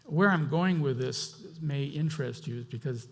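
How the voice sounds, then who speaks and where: Impassioned gravelly-voiced male pastor. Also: medium pitch, normal speed. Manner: impassioned, conversational, swings between loud outbursts and quiet asides. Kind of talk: sermon.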